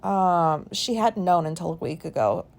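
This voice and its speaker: A woman in her forties, hosting a podcast and talking through an embarrassing memory in a candid, rambling way, self-conscious and quick to swear. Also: lowish voice, expressive, vocal fry. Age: 40s. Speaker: podcast host. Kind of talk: candid personal monologue.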